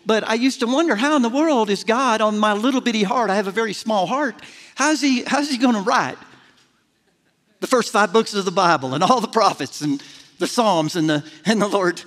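A man's voice: high-pitched, normal speed, fairly bright tone. A middle-aged man preaching a folksy, self-deprecating sermon to a church congregation, building to emphatic peaks. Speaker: pastor. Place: large church sanctuary. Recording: long hall reverb of a church.

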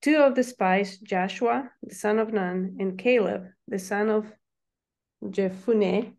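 A woman with a mid-pitched voice reads scripture aloud during a Bible study on a video call. Her reading is steady and plain. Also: slow, vocal fry.

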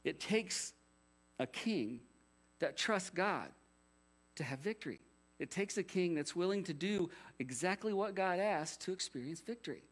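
A man's voice: high voice, lively intonation, unhurried. A man preaching a sermon as pastor, conversational, with rhetorical questions and jokey asides.

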